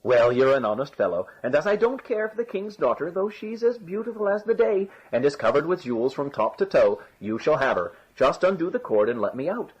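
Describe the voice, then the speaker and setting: A man voicing a sly young rogue, wheedling and boastful, in a high voice. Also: big pitch swings, brisk, hardly any pauses, slightly rough. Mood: coaxing. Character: sly young Irish rogue, quick-tongued trickster. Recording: dull lo-fi recording.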